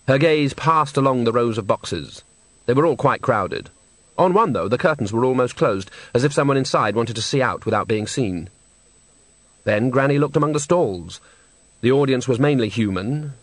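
Expressive male audiobook narrator. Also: mid-range voice, no echo. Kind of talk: scripted narration.

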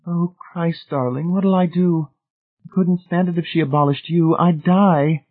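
A man's voice: a little high, brisk, breathy edge, pitched above the performer's own voice. A man reading aloud, voicing an anxious young woman who pleads urgently. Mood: pleading. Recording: tinny phone-like band.

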